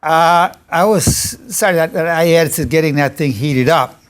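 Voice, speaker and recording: A man's voice: fairly high pitch, moderate pace. An older man, a psychologist, giving an informal lecture and telling personal anecdotes in a chatty, self-amused way. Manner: chatty storyteller, amused by his own stories.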